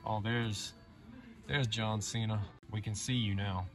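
A man narrating a casual toy-hunting vlog, chatty and sarcastic, with loud mock-excited stretches. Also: on the low side, measured pace. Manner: loud, animated outro.

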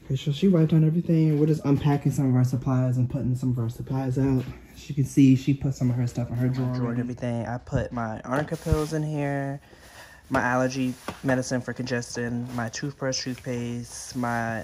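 A young woman vlogging casually to camera, chatty and excitable, nervous before her surgery. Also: extremely low pitch, background noise. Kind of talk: casual vlog talking to camera.

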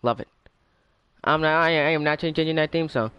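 A man giving casual game commentary in a playful, excitable way, often chanting. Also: on the high side, normal speed, dull audio, a little hiss or hum. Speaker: gamer.

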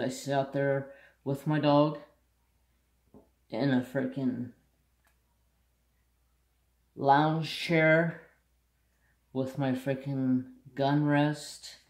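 A man's voice: mid-range voice, vocal fry, reverberant. A man hosting a craft channel, telling a country story bluntly and saltily in casual chat. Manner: blunt, salty rural storyteller.

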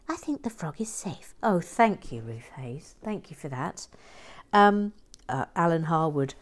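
Playful woman, low voice. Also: sing-song, moderate pace. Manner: playful, reads viewer comments, drops into whispers. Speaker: Lego building channel host. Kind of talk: casual chat and soft whispered building commentary.

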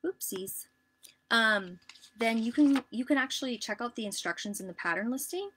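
Bright chatty lady doing a live sewing lesson, lots of ums. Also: fairly high pitch, lively intonation, moderate pace, a little hiss or hum. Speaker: sewing instructor. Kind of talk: casual live sewing tutorial.

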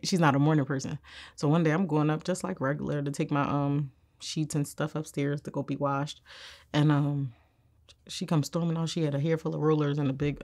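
Blunt, gravelly-voiced woman telling stories. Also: low-pitched, a little mellow. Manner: blunt and slangy, laughs often. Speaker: interviewee. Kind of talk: candid storytelling.

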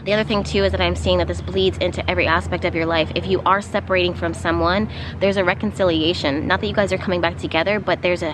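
A woman with a slightly low voice gives an unscripted spiritual card reading outdoors. She wanders through her thoughts with fillers and little laughs. Clear outdoor ambience and passing vehicles sit behind her voice. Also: background noise. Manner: meandering, with frequent fillers and soft laughs. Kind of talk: casual channeled reading.

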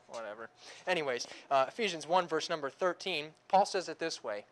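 A man's voice: on the high side, sing-song, brisk, fairly bright tone, slight background noise. A young male pastor preaching a conversational sermon, with joking asides and acted-out groans.

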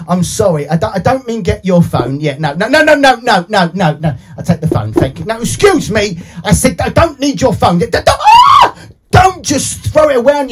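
A man hosting a live children's show as an entertainer, energetic and cheering with sing-song shouts, with playful back-and-forth to a puppet. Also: sits high, a little hiss or hum.

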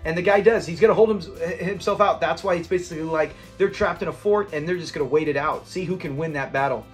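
A man with a notably high-pitched voice talks casually through an episode review. He rambles, laughs easily and slips into little acted-out quotes. Faint music plays underneath. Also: fast. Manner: chatty, rambling, often laughs, acts out scene quotes. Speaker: channel host reviewing a sitcom episode.

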